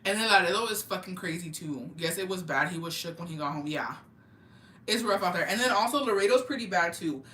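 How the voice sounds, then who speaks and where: Woman from texas, casual livestream chat, bright tense voice, echoey room. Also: fairly low pitch, expressive, a little fast, a little hiss or hum. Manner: profane, gossipy storytelling with Spanish mixed in. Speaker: livestream host. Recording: roomy echo.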